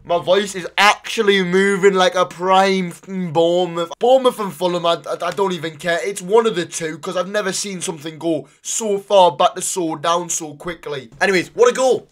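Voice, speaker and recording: A young man commentating his own football video game, swinging between excited shouts and low mutters, swearing freely. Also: moderate pace, few pauses, slight background noise. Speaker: gaming YouTuber. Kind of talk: live gameplay commentary.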